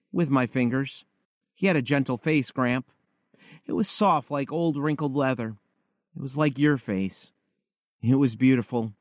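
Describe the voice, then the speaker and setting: A man's voice: a little high, dry recording, studio quality, close to an everyday voice. A man reading aloud the letter of an eight-year-old blind girl to her grandfather, in an earnest, confiding manner. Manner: earnest, wide-eyed, confiding.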